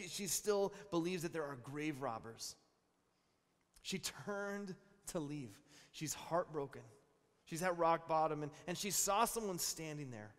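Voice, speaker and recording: A pastor in his thirties preaching a sermon, telling stories with animated, repeated phrases. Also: on the high side. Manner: animated storytelling with repeated words. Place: large church hall. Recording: long reverb in a church hall.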